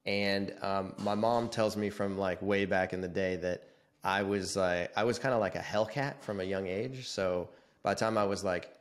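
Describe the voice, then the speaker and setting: A man in his forties, slightly low in pitch, talks through his story as a podcast guest. He is casual and animated, and he jumps into the quoted lines with some flair. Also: normal speed. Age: 40s. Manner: animated, acts out quoted dialogue.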